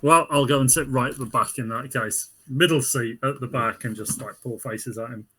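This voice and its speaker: A man's voice: mid-range voice, steady tone, moderate pace, sharp tone, breathy edge. A man playing a tabletop game, making dry, joking remarks in character. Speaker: player.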